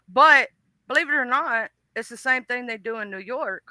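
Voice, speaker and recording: A woman from the Deep South with a Southern US accent, chatting on a talk stream in a folksy, teasing way. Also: sharp tone, no room sound. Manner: folksy, teasing, drawn-out explanations. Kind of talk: casual chat.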